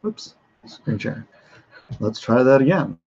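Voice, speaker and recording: A man's voice: mid-range voice, animated, slow pace, a little mellow, breathy edge. A middle-aged man hosting a casual livestream, rambling with fillers and restarts and reading news aloud, his voice slightly off. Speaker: host of a livestream show. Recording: dull lo-fi stream audio.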